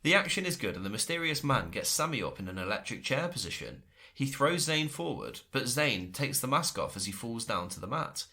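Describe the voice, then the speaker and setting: Male co-host, casual recap, bright tone, lively pitch, quick to laugh. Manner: enthusiastic, laughs often. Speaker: podcast co-host.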